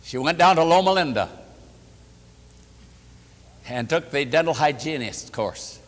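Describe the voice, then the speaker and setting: Impassioned preacher in an echoey hall. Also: male voice, fairly high pitch, animated, measured pace. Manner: emphatic, rising to impassioned pleading. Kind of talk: sermon storytelling.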